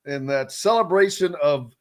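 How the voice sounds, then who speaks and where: A man's voice: fairly high pitch, lively intonation, normal speed, a bit bright. A man from Indiana hosting a sports radio show, chatting casually and laughing between restarted sentences.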